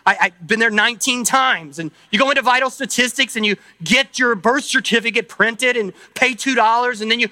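A man's voice: very high voice, brisk, hardly any pauses, bright, forceful tone, no echo. A man preaching a sermon at a church service. He talks in a loose, conversational way, thinking aloud with asides and tag questions. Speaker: pastor.

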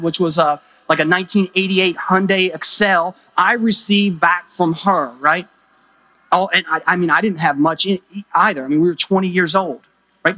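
A man's voice: high voice, bright, forceful tone. A middle-aged man preaching a sermon as pastor, emphatic, with rising exclamations.

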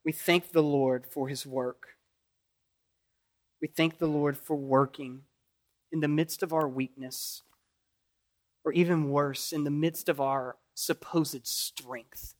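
A middle-aged man with a Kentucky accent preaching a sermon, rising loud when pleading and dropping soft and low in prayer. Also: steady tone, slow pace, pauses often. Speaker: pastor.

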